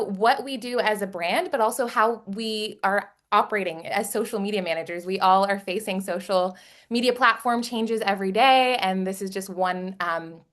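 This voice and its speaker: A woman's voice: mid-range voice, fairly bright tone. Bubbly woman hosting a video-call webinar. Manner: bubbly, giggly, enthusiastic. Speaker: webinar co-host.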